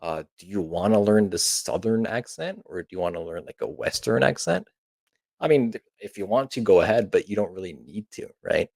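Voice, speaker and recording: A man's voice: fairly low pitch, lively intonation, a little fast, vocal fry, a little mellow, dry recording. Laid-back male teacher. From Kyushu, Japan. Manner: laid-back, chatty, joking asides. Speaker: Japanese teacher. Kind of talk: casual online language lesson.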